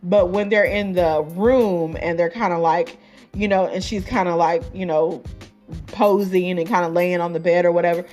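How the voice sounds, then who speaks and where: A woman's voice: on the low side, fairly even intonation, moderate pace, a little mellow, soft background music. Chatty woman podcaster with a loose, rambling delivery. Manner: chatty, many fillers and asides, laughs at her own jokes. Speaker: podcast host. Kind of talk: casual album review chat.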